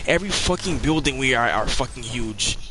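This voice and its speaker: A young man streaming a game live, scolding his teammate in an exasperated way, swinging from low mutters to sudden yells. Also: animated, brisk. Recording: noisy game stream audio.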